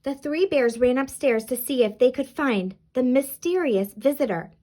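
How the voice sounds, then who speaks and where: A woman reads a children's storybook aloud in an expressive, animated way, at a moderate pace and a fairly high pitch.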